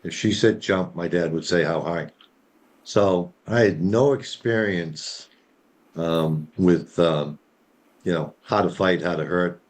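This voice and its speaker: A man's voice: deep voice, steady tone, slow. A man sharing a personal story in a casual group talk, rambling with many fillers. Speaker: discussion participant.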